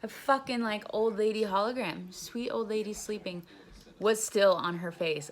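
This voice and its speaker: Speaking at a moderate pace in a mid-range voice, a young woman casually recounts her time in jail. She meanders through the story, swears freely, and says "like" over and over.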